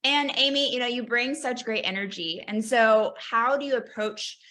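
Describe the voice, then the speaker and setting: A woman's voice: fairly high pitch, normal speed, pushed and bright. A woman hosting a webinar conversation, introducing a mentor and asking questions in an encouraging way, often saying "you know". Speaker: webinar host. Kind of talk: webinar moderation.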